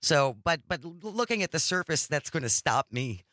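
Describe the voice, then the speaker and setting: A man's voice: on the high side, sing-song, moderate pace, bright, forceful tone, no room sound, studio quality. A middle-aged man co-hosting a radio talk show, chatting casually, chuckling and telling stories. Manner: chuckling, storytelling.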